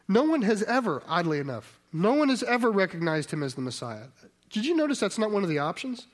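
A man's voice: sits high, very animated, fairly quick. A man preaching a conversational sermon, often asking his listeners rhetorical questions and restarting his sentences. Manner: restarts and self-corrections mid-sentence.

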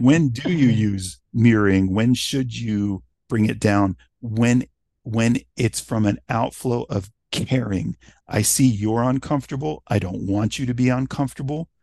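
A man in casual conversation about sales, talking in an animated way and acting out little quoted exchanges. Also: on the low side, creaky. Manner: animated storytelling, acts out quoted voices.

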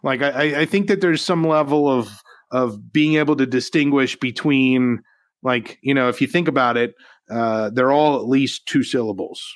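A man's voice: mid-range voice, moderate pace, no echo. A man co-hosting a live tech news stream, chatty and upbeat with joking asides. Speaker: co-host of a VR news livestream. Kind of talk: casual livestream chat.

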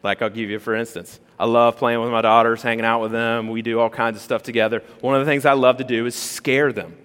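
A male pastor preaches in a conversational, animated style, tossing rhetorical questions at his congregation. His voice sits at an ordinary middle pitch. A long reverb from a large church hall hangs on every phrase. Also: a little fast, clear, resonant tone. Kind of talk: sermon.

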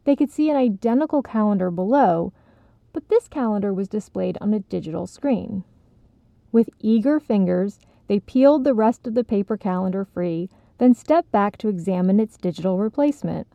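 Woman narrator, story reading, gravelly, mellow tone, dry slightly dull recording. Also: mid-range voice, animated, normal speed, no echo.

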